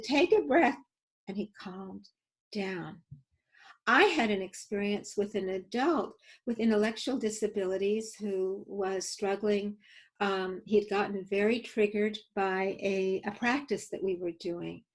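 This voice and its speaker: A woman's voice: mid-range voice, poor audio. Woman, safety educator, webinar teaching, earnest storytelling, video call mic. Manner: earnest, storytelling, coaching the audience through exercises. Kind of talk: webinar teaching with live demos.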